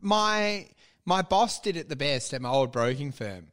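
A man co-hosting a podcast, telling animated stories with lots of laughter, swearing and mimicry. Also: on the high side, a little slow. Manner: animated storyteller, laughs often, mimics his old boss; swears freely, casual slang. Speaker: podcast co-host. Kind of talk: casual chat.

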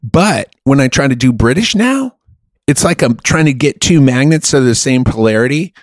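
A man's voice: mid-range voice, lively intonation, normal speed, dry recording, studio quality. A man hosting a podcast in casual chat, profane and emphatic, rambling with a playful streak. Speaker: podcast host.

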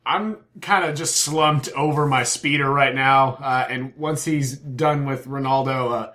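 A man's voice: mid-range voice, fairly even intonation, unhurried, hardly any pauses, pushed and bright. A man playing a tabletop game, casually describing what his character does. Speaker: player.

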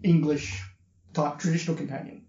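Australian man, fairly high voice, casual podcast chat, opinionated, echoey dull room recording. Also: little pitch movement, brisk, warm tone. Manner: chatty, opinionated, repeats words when starting. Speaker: podcast co-host. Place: hotel room.

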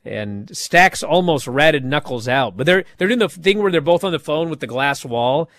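A man's voice: on the high side, moderate pace, dry recording. A man hosting a podcast, recapping wrestling in casual chat and mocking the people he describes with impressions. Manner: animated storytelling with mocking impressions.

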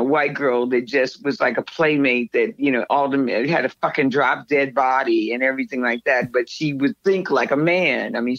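A woman's voice: a bass voice, no echo, lo-fi sound. An older woman, a guest in an interview, telling personal stories in a rambling way with many restarts. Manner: rambling, frequent restarts, acts out quoted voices. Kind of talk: candid personal storytelling.

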